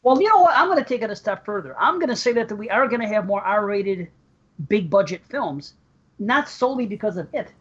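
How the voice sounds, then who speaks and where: A man's voice: high voice, fairly quick, breathy edge. A man hosting a podcast, reading listener emails and joking crudely in casual banter. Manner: crude, animated, laughs a lot. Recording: muffled lo-fi podcast audio.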